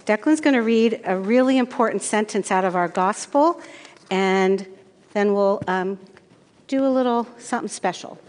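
Woman pastor doing a kids' sermon, gentle and patient, lots of questions, long churchy echo. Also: medium pitch, normal speed. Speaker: pastor leading a children's message. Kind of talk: children's sermon. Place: church sanctuary.

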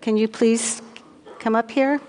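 A woman's voice: on the high side, fairly even intonation, unhurried, a little mellow, in a large hall. A woman giving a children's sermon in church, asking the children questions and telling playful stories from her own childhood.

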